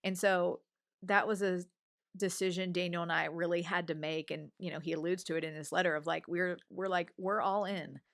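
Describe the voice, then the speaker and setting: A woman's voice: on the low side, fairly quick, dry recording, studio quality. A woman in her forties, a guest on an interview show, telling a personal story conversationally and acting out what others said. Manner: animated storyteller, acts out others' remarks.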